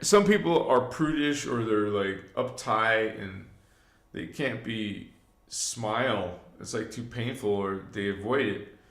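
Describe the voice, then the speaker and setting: In a roomy-sounding space, a livestream host with a lowish, slightly bright voice takes his time leading a live spiritual talk. His delivery is loose and meandering, packed with fillers and asides, as he addresses viewers in a preachy way.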